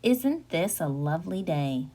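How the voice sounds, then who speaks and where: A woman doing a low, sly big bad wolf. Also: very animated, unhurried, mellow, full character voice. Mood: charming. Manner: honeyed, mock-courteous, lingering words. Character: sly smooth-talking male wolf, polite and predatory.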